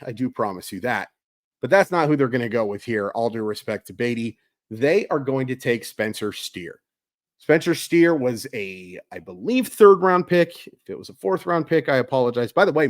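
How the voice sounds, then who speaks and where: A man talks through a sports draft on his own, casual and animated, and corrects himself mid-thought. His pitch rises and falls widely. The recording is dry and close, with no room sound. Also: no echo. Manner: animated, self-correcting, conversational. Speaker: baseball analyst. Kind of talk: solo sports analysis.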